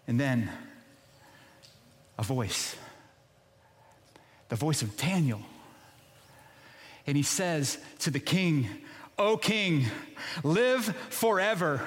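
A man's voice: medium pitch, slow, pauses often, in a large hall. A man preaching a sermon as pastor, retelling a scripture story in a casual, emphatic way.

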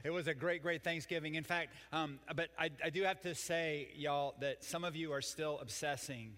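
Folksy pastor, bright ringing voice. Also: male voice, a little high, steady tone, normal speed, in a large hall. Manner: folksy, joking, chatty with the congregation. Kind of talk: sermon with jokes.

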